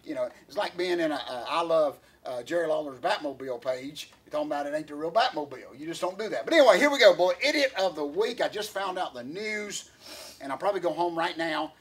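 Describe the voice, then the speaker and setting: A man co-hosting a casual podcast, his voice pitched high with a husky edge. He rambles and circles back, restarting his sentences and filling the gaps with "uh" as he goes. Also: animated, fast talker. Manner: rambling, many fillers and restarts, laughs often. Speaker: podcast co-host.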